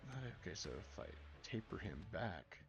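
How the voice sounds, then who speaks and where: A man with a lowish voice chats casually and mumbles as he draws on a live stream. He rambles and thinks out loud, never putting on a polished announcer tone. Loud background music runs under his desktop mic. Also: big pitch swings, normal speed, muffled recording. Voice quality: mumbly, low-key delivery. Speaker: live-stream host drawing fan art. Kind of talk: casual live-stream chat while drawing. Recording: music playing loudly behind voice.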